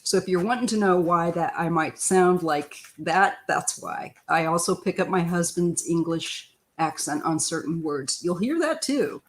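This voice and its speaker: Older woman, Missouri-born tarot reader, live-stream style: loose, chatty, throat-clearing. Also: on the low side, expressive, measured pace, few pauses.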